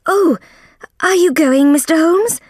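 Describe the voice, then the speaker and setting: A woman voicing an anxious male college tutor in a slow storybook reading, with a high, pleading manner. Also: lively intonation, darkish tone, no echo, clean studio sound.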